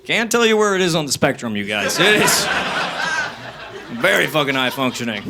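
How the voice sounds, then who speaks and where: A young man doing stand-up comedy on a stage into a handheld mic, energetic and self-mocking, jumping into voices. The live comedy club recording carries audience noise. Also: on the high side, moderate pace.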